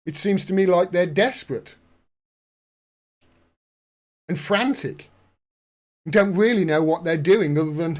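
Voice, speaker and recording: With a voice that sits high and is a little mellow, a commentary vlogger discusses politics casually at normal speed. Indignation and sarcasm run through it, occasionally escalating into outbursts.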